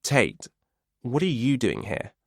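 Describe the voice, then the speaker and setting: A man's voice: medium pitch, wildly swooping pitch, slow pace, gravelly, dry recording, full character voice. A wary teenage girl, as a man reads her, clipped and curt. Her lines sit a little above the narrator's voice, close-miked and dry.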